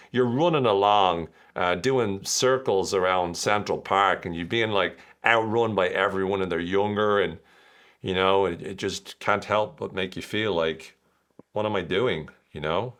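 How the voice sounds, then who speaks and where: A man hosts a podcast in a relaxed, conversational way. He is chatty and jokey as he explains his points. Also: low-pitched, moderate pace. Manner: chatty, jokey, acts out quoted voices. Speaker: podcast host. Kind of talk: casual explanatory monologue.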